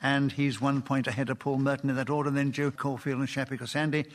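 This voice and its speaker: A man chairing a radio panel game, making brisk, jokey rulings and keeping time. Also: mid-range voice, flat delivery. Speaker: quiz show chairman.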